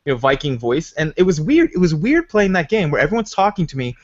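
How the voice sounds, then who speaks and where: A man hosting a podcast, chatting excitedly and rambling about video games. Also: fairly high pitch, quick pace, muffled recording. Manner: excitable, rambling gamer talk. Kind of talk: casual chat.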